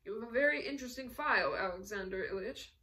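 A woman's voice: fairly high pitch, expressive, quick pace, bright, forceful tone, distant mic. A woman reading aloud as a suave middle-aged male colonel with a genial, inquisitive manner.

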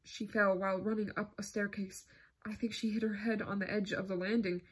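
A woman's voice: medium pitch, flat delivery, brisk, breathy edge, close to an everyday voice. Woman reading a desperate aristocratic father. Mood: explaining. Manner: urgent, pleading.

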